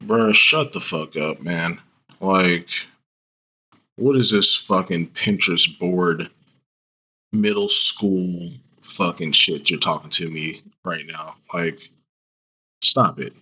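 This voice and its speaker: A man's voice: deep voice, slow pace, pauses often, pushed and bright, breathy edge, low-quality recording. A man reacting with exasperated, profane, mocking commentary.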